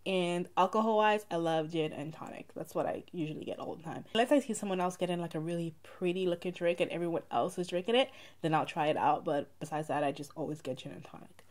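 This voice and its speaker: A woman's voice: lowish voice, fast talker, hardly any pauses. A young woman with a mixed Saint Lucian and Bronx accent, chatting casually to her viewers in a rambling get-to-know-me vlog. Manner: chatty, rambling, many "like" fillers. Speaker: vlogger.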